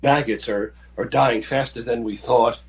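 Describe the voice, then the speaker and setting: A man co-hosting a podcast and recapping a movie in casual chat. He rambles and restarts as he tells the story, at an ordinary pitch. The audio is dull and lo-fi. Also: steady tone, unhurried. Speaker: podcast co-host.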